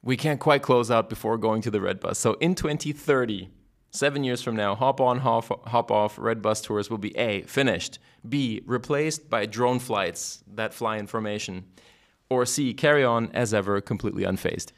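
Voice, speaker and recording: A man hosting a podcast, asking brisk quiz-style questions and reading the closing outro. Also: medium pitch. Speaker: podcast host.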